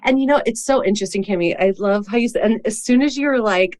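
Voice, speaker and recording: Woman, podcast host and coach; casual, reflective, quick to laugh. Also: medium pitch, a little mellow.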